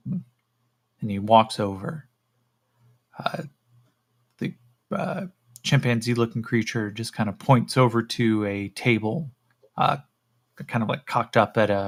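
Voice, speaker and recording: A man narrating a solo tabletop game in a relaxed storytelling way, with fillers and asides. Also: fairly low pitch, creaky. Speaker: game master and solo player.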